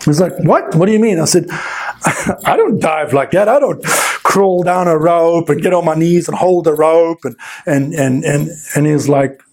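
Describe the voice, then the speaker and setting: A middle-aged scuba instructor telling a story with animated, emphatic delivery, acting out quoted dialogue with many repeated fillers. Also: male voice, a little high, a little slow. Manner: frequent fillers and repeated words. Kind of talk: storytelling anecdote.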